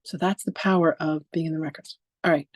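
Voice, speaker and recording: Fast and steady in tone, a deep-voiced woman in her sixties teaches a live online masterclass on spiritual practice. She brings stories to life, acts out quoted exchanges, and speaks frankly and emphatically, swearing now and then. There's no echo.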